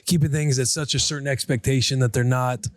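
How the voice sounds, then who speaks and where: Candid dad telling a story, dry mic. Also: male voice, medium pitch, fairly even intonation, a little fast, no echo. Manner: candid storytelling, acts out family dialogue. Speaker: podcast co-host, former pro football player. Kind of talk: casual podcast chat.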